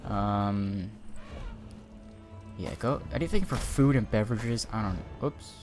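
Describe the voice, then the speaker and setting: A man's voice: lowish voice, takes it slowly, a little mellow, faint music behind. Rambling man streaming a game. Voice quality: rambling, self-interrupting. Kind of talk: casual gameplay commentary.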